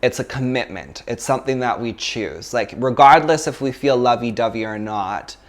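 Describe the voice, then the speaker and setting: A man's voice: medium pitch, animated, normal speed. Chatty man teaching yoga. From Canada. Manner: chatty, many fillers, laughs often. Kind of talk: casual philosophy talk in a class.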